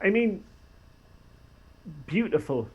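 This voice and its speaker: Lively, playful man at the table. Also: sits high, takes it slowly, slightly rough, highs cut off. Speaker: player. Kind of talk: casual tabletop chat.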